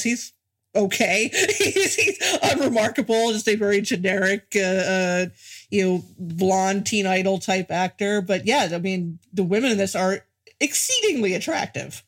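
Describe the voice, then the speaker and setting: A woman in an easy mid-range voice chats about a movie with a co-host. She fills her talk with small fillers and drops in film trivia in a relaxed, informed way. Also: mid-range voice, a little slow. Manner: knowledgeable, conversational, frequent fillers. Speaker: podcast co-host. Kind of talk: casual film discussion.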